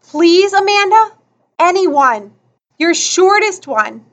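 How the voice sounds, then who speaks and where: A scruffy young boy pleads again and again, eager and insistent, his voice pitched high and swinging up and down, put on by a woman reading a storybook. The sound is a little dull and muffled. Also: big pitch swings, slow pace, a bit bright, heavily acted. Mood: pleading. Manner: begging, insistent.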